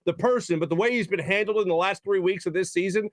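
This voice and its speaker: A sports talk show host rants in a heated, exasperated, opinionated way, often mimicking other people in mock voices. His voice is high-pitched and quick. The recording is clean studio sound with no room sound.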